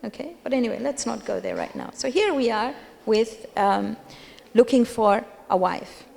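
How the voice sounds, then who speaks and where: Woman preaching at a majlis, highish voice, hammering her points with repeats, long echoey hall sound. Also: normal speed, creaky, a little mellow. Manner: emphatic, repeats key phrases. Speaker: majlis speaker. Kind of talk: religious lecture with storytelling.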